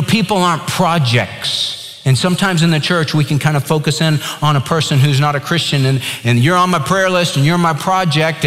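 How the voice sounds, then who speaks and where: A pastor preaching a sermon, reading scripture emphatically and telling stories. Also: male voice, a little high, a bit bright, big-room sound.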